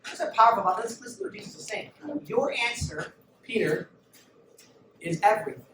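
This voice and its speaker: A high-voiced man preaches emphatically to a youth group. He is heard from a distance in an echoey church room. Steady noise sits under his voice. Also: brisk. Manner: emphatic, urges listeners to look and listen. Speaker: youth pastor. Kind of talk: sermon.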